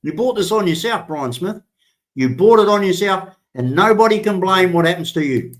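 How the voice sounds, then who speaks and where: A man's voice: high voice, expressive, normal speed. A man hosting a live stream, ranting in a threatening, profane and emphatic way.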